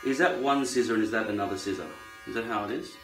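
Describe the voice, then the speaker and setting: A man's voice: lowish voice, quick pace. An Australian man rambling wryly to camera in a casual vlog, musing aloud as he trims his hair. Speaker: vlogger. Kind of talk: casual monologue while trimming hair. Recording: echoey room, faint music. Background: electric trimmer buzzing.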